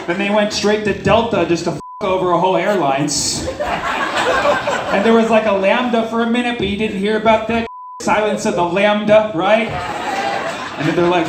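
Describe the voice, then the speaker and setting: A man's high-sitting voice moves at a moderate pace as he riffs with the audience in a brash, profane stand-up set. The recording is from a live club, roomy, with crowd noise and laughter.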